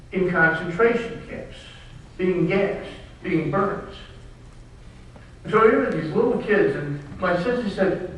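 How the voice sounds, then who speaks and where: An older man with a Southern US accent tells stories with emphasis and dry humor, his voice set high for a man. He sounds far from the mic in a very echoey room. A faint hum of the room sits behind him. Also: fairly bright tone. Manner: emphatic, wry storyteller. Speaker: author giving a talk. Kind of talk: storytelling talk to an audience. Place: large room at a bookstore event.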